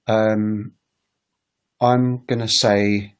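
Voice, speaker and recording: A man's voice: fairly low pitch, little pitch movement, drawn-out words, pauses often. A man teaching on a casual livestream, talking in a rambling, hesitant way with many fillers. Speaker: language teacher and recorder player. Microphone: webcam livestream setup.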